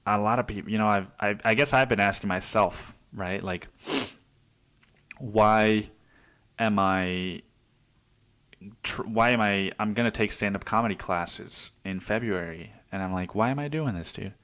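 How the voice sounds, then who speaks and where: A man's voice: lowish voice, steady tone, unhurried, a bit bright, clear, resonant tone. A man hosting a casual solo podcast, rambling and swearing freely, calling everyone dude. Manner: rambling, profane, calls listeners dude. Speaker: podcast host.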